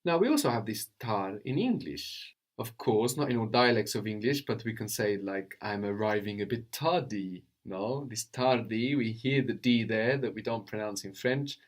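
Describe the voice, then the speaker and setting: A man teaching a language lesson, patient and probing, often checking with a quick "no?". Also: fairly low pitch, expressive. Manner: patient, prompts with questions, tag "no?".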